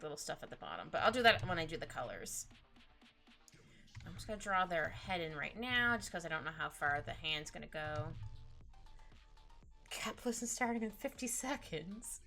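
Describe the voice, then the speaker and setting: A woman chatting casually with her stream while she draws, rambling, giggly and easily excited. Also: medium pitch, creaky. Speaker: streaming artist.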